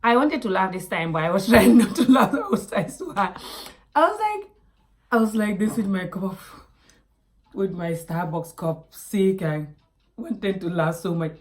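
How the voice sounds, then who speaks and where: Animated woman telling a story. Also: mid-range voice, measured pace. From Africa. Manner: animated, dropping to asides and whispers. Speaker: vlogger. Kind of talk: casual storytelling to camera.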